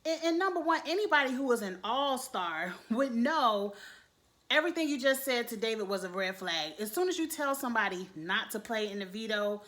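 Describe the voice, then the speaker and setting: A woman giving blunt, animated commentary on a reality show, swearing and speaking straight to her viewers. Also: fairly high pitch, fairly quick. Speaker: youtube reality show reviewer. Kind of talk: casual commentary.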